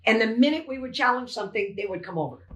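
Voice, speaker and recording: Older woman, poll challenger testimony, animated and emotional, roomy echo on the voice. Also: fairly high pitch, fast. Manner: animated storytelling, acts out exchanges.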